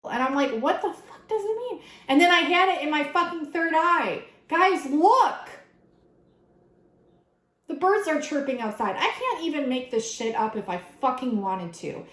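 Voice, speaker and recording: A woman doing a casual tarot reading for her viewers, excitable and swearing freely as she talks straight to the camera. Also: high voice, measured pace, echoey room, low-quality recording. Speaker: tarot reader. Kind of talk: casual spiritual reading vlog.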